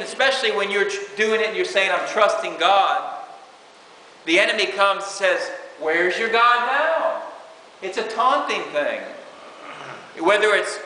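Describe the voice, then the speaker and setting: A man's voice: high voice, bright, forceful tone. Preacher man in an echoey hall. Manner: conversational, reads scripture aloud, frequent "you know". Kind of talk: informal sermon. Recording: echoey hall with faint hiss.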